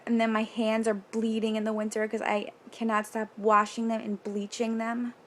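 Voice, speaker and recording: A woman's voice: medium pitch, little pitch movement. Candid young woman rambling on a vlog. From New York. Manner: rambling, candid, swears casually, quick nervous asides. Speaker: vlogger. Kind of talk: casual confessional vlog. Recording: faint background noise.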